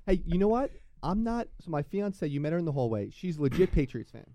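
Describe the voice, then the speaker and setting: A man hosting a podcast interview, bantering quickly and jokingly about sports. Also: a little high, sing-song, mellow, dry recording. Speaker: podcast host.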